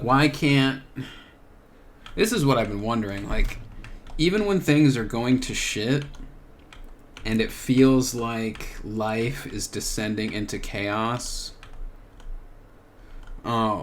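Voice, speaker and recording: A young man hosting a solo podcast, thinking out loud in a searching, rambling way with many filler words. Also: fairly low pitch, slight background noise. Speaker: podcast host. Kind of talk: reflective solo monologue.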